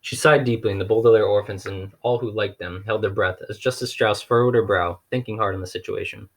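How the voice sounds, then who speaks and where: A man reading a children's novel aloud in a steady, wry way, with occasional restarts. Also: lowish voice, brisk. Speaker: audiobook reader.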